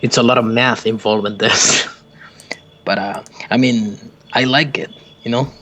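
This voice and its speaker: A man on a podcast group call, explaining earnestly with halting restarts. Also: mid-range voice, fairly even intonation, pushed and bright, slight background noise. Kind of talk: casual group-call chat.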